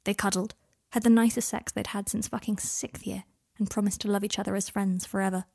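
A woman narrating a fan fiction story aloud in a plain, steady storytelling manner. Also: medium pitch, a little fast, vocal fry, breathy edge.

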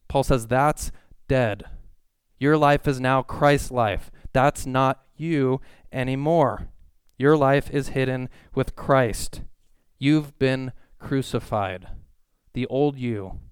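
A man's voice: medium pitch, slow pace, clear, resonant tone, dry recording. A young man preaching a sermon as pastor, earnest and emphatic, building on repeated phrases. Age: young adult.

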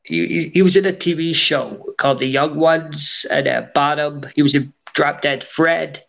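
A man's voice: a little high, fairly even intonation, moderate pace, vocal fry, a bit bright. A man with a nasal voice, chatting casually and telling rambling stories. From Scotland. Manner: rambling, anecdotal storyteller. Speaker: entertainer and guest. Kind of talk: casual chat.

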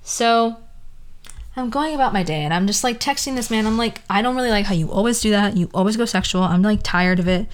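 A woman's voice: mid-range voice, a little fast. Exasperated young woman ranting casually. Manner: exasperated, swearing, animated rant with sarcastic asides. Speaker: podcast host.

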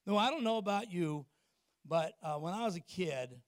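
A middle-aged man preaches a sermon in church with a notably high voice. He punches key points loudly, then drops to quiet, confiding asides, and keeps turning to the congregation with questions. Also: lively intonation, moderate pace, no room sound, clean studio sound. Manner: asks the congregation questions and acts out little exchanges. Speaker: pastor.

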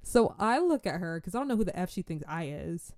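Animated slangy young woman, mellow voice. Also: on the low side, fairly quick, no room sound, studio quality. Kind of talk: casual storytime and faith talk.

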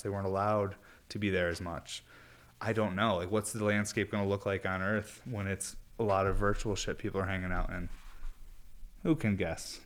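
A young man in a casual, rambling monologue, laid-back and profane, joking at his own expense. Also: on the low side. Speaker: vlogger.

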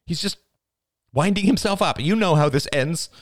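A man's voice: on the high side, lively intonation, moderate pace, dry recording, clean studio sound, pitched above the performer's own voice, natural voice. A man voicing a meek, evasive young mother in an audiobook, sheepish and deflecting.

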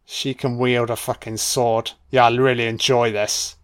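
A man riffs casually over a film, laid-back and liberal with his swearing. He talks slowly in a clear, smooth voice of middling pitch. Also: flat delivery. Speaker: film commentator. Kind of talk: casual audio commentary.

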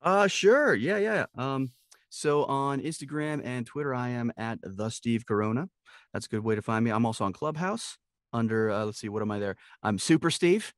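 A man's voice: medium pitch, moderate pace, no echo, clean studio sound. A middle-aged man talking as a guest voice actor in a casual, playful interview, laughing often.

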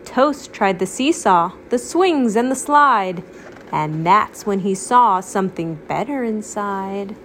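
Mom reading a rhyming kids book at home, slow and lively, kinda high voice, faint hum behind. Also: female voice. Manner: gentle, explains words to a child. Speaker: mother reading to her child.

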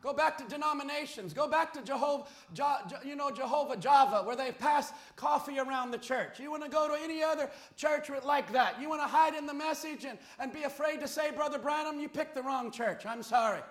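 A man preaching a fiery sermon as pastor, with rhetorical questions that build into shouts. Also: very high-pitched, fairly quick, hardly any pauses. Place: church sanctuary. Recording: echoey church hall.

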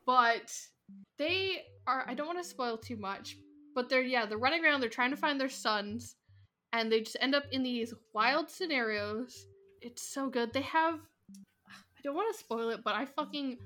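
A woman co-hosting a casual podcast chat, animated and swearing casually, laughing often. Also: sits high, normal speed. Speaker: podcast co-host.

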